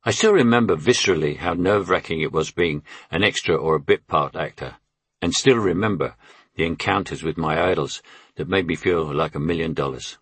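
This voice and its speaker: A man's voice: a bass voice, a little fast, fairly bright tone, slightly rough, no room sound. An older man narrating his memoir with wry, anecdotal storytelling.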